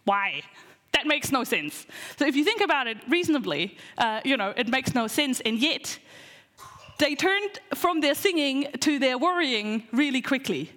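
High-voiced woman preaching in an echoing hall. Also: normal speed. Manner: chatty, animated, many fillers and restarts. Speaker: preacher teaching a Bible lesson. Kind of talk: casual church talk.

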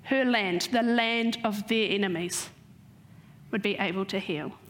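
A woman giving a sermon, retelling a story and slowing down to stress key points. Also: medium pitch, a bit bright. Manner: storytelling, slows for emphasis. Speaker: preacher.

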